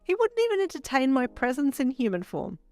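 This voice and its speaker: A woman's voice: high voice, sing-song, fairly quick, darkish tone, no room sound, soft background music, pitched above the performer's own voice. A woman reading as a sulky lovesick young woman. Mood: pleading. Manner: sulky, huffy, pleading. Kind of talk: fan fiction audio reading.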